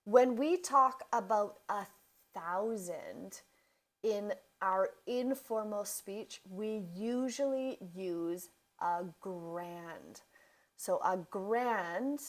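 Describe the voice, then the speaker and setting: A woman, giving a vocabulary lesson in a careful, deliberate way and repeating examples for learners. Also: mid-range voice. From Canada. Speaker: English teacher. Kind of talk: slow, clear teaching explanation.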